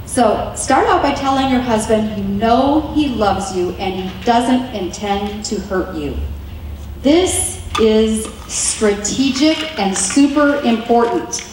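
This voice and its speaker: A woman with a slow, slightly mellow, rather high voice gives an earnest, chatty teaching talk to wives in a meeting room, often slipping into quoted dialogue to act out what to say. The recording is distant and very echoey, with slight background noise.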